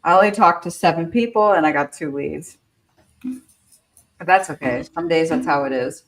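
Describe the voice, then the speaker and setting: A woman with a fairly low voice chats over a video call. She's brash and joking as she rallies her team between calls, casual and blunt. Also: normal speed. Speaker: real estate agent hosting a prospecting session.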